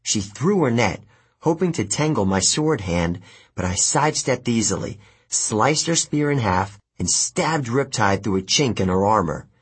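A man narrating an adventure story in the first person, measured and expressive. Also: fairly low pitch, husky. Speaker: audiobook narrator.

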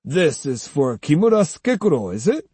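A man's voice: a little high, sing-song, normal speed, warm tone, husky, dry recording, pitched above the performer's own voice. A man voicing a curt, suspicious gate guard in an audiobook.

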